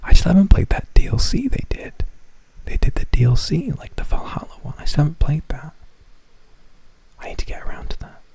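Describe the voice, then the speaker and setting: A man streaming in a casual chat, talking in a hushed half-whisper, rambling and swearing casually. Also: a little high, big pitch swings, fairly quick, gravelly, breathy edge, no room sound. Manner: profane, self-deprecating.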